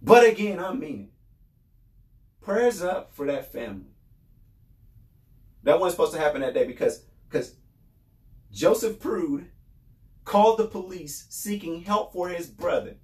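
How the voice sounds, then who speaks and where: A man from New York State delivers a heated podcast monologue. His voice sits high, and he keeps circling back to the same points. The sound is roomy, with plenty of echo. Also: big pitch swings, unhurried, pauses often, darkish tone. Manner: heated and repetitive, often raising his voice. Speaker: podcast host. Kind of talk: impassioned commentary monologue.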